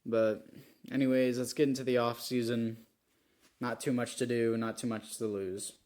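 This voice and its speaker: A man's voice: medium pitch, level tone, normal speed, a little mellow. A young man giving rambling, self-critical commentary over a football video game, with frustrated outbursts. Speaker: gaming YouTuber. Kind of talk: gameplay commentary.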